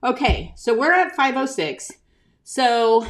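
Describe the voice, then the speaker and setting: An older woman hosts a relaxed live stream for her craft shop. She talks at an unhurried, slow pace in a chatty way, greeting viewers by name and answering their comments as they come in. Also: high-pitched, background noise. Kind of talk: casual live-stream chat.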